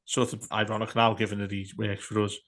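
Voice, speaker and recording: Lively man telling stories. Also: fairly low pitch, fast. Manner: animated storyteller, shouts out quoted fan heckles. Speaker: podcast co-host. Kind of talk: casual football chat.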